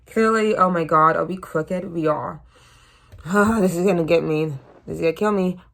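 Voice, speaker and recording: A woman's voice: on the low side, moderate pace, creaky. A woman in her twenties chatting casually to the camera, rambling and joking at her own expense. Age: 20s. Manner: chatty, self-mocking, trails off into asides. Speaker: vlogger.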